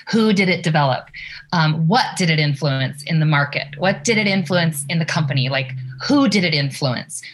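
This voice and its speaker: A woman in casual chat, reflective, asking probing rhetorical questions. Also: low voice.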